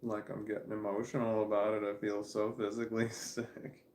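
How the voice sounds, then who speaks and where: A man's voice: lowish voice, monotone, moderate pace, a little mellow, slight background noise. A man vlogging from home, chatting candidly and wandering from thought to thought with a self-deprecating tone. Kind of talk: casual rambling monologue to camera. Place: at home in a room, with a puppy in his lap. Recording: roomy echo.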